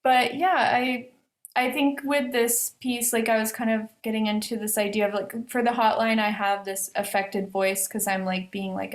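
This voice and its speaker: A woman artist answering questions over a video call, talking casually and hesitantly with many fillers and restarts. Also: mid-range voice. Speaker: artist discussing her exhibition. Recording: roomy echo on a video call.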